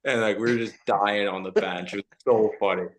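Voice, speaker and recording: A man hosts a casual sports podcast with an easy, conversational manner. His voice sits on the low side. He tells stories in a loose, relaxed way. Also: a little fast, a little hiss or hum. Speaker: podcast host, university hockey player. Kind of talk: casual chat.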